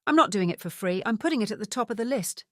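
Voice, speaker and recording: A tight-lipped former police detective who keeps his words flat and guarded, as read by a woman narrator. It stays close to her natural voice, in a dry, close-miked recording. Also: high-pitched, quick pace, no echo.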